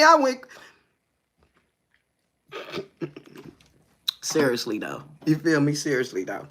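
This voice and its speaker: A woman's voice: deep voice, wildly swooping pitch, takes it slowly, long pauses, fairly bright tone. A woman in her forties co-hosting a live talk show, telling profane, brash stories and constantly asking her listeners whether they hear her. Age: 40s. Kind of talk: casual live chat.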